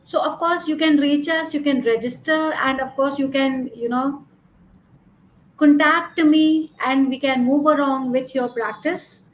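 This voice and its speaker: Lady exam coach talking through slides, high voice, keeps saying you know, bit of faint room hum. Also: steady tone, a little slow, rough recording. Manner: instructive, repeats points with "you know" fillers. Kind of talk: slide-based teaching lesson.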